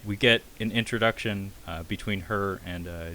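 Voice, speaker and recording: A man with a lowish, forceful voice co-hosts a film podcast. He talks loosely and swears freely, padding his thoughts with "uh". The delivery is casual and conversational. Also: steady tone, moderate pace, slight background noise. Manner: loose and profane, many filler "uh"s. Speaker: podcast co-host. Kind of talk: casual film review chat.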